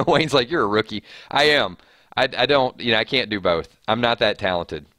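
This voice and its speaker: A man's voice: mid-range voice, lively intonation, normal speed, bright, forceful tone, dry recording, studio quality. A man hosting a live stream, chatting casually and reading viewer comments aloud with frequent restarts.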